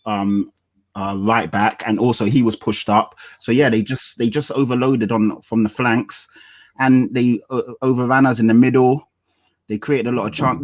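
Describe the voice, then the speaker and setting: A man's voice: on the low side, dry recording. A man guesting on a casual football podcast, laid-back and jokey, with lots of fillers.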